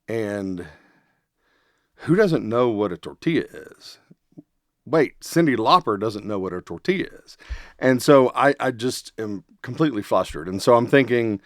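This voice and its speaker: A man hosting a podcast, telling a casual anecdote in a rambling, animated way with many fillers. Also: mid-range voice, a little slow, no room sound, studio quality. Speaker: podcast host. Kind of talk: casual storytelling.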